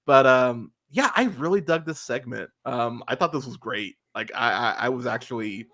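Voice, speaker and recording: A man hosting a casual podcast, his voice bright and forceful at a middle pitch. He talks in quick bursts full of restarts and laughter. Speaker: podcast host.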